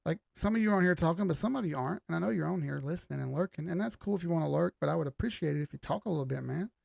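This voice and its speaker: A man's voice: a little high, very fast, vocal fry, a little mellow, no echo, clean studio sound. A middle-aged man, hosting a live stream in casual chat, greeting viewers by name with a laid-back manner and the occasional swear. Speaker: livestream host.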